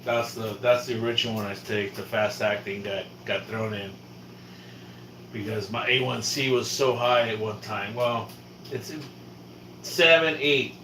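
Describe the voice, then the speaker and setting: A man's voice: lowish voice, steady tone, normal speed, a bit bright, slight background noise, low-quality recording. A man from California livestreaming casual chat, rambling and swearing, often trailing off and restarting. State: low blood sugar, shaky.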